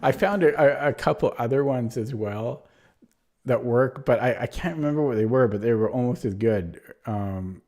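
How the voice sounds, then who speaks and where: A man's voice: medium pitch, normal speed, darkish tone. A young man streaming himself playing chess, rambling and self-deprecating as he thinks aloud in casual commentary.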